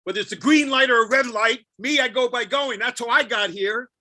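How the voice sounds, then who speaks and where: A man's voice: very high-pitched, brisk, pushed and bright. A man giving a spoken-word poetry performance, brooding and self-questioning with a wry edge. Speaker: poet.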